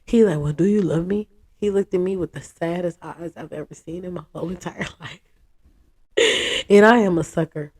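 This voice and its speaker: A woman, telling a story in a casual interview, frank and animated, acting out what others said. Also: fairly low pitch, moderate pace, breathy edge. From United States. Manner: animated, acts out quotes, frank and profane.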